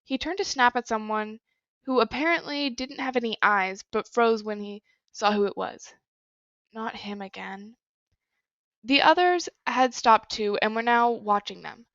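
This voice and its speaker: A woman reading a story aloud in a plain, even manner with small slips. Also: on the high side, a little slow, dry recording, dull audio. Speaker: story reader. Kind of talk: reading fan fiction aloud.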